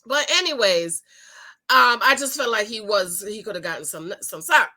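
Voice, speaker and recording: Middle-aged woman vlogger; lively, expressive delivery, casual and chatty, addresses viewers directly. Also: medium pitch, normal speed. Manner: animated, chatty, laughs often, talks straight to viewers. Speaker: TV show recap vlogger. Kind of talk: casual reaction commentary.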